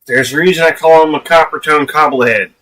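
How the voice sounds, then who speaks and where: A man's voice: fairly high pitch, brisk, bright, forceful tone, rough recording. A man live streaming his reactions to a clip, talking bluntly and scornfully, with profanity. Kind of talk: casual reaction commentary.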